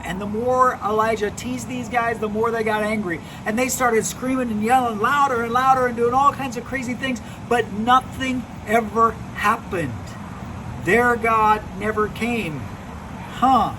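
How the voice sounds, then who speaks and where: A man from a children's ministry, telling a Bible story to children outdoors in an animated way, often repeating words as he goes. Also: sits high. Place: outdoors in a backyard by a fire pit. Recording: noisy outdoor recording.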